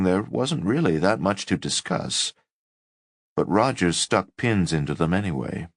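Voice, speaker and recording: A man narrating a first-person memoir audiobook in a measured, wry storytelling manner. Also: low-pitched, no room sound, studio quality.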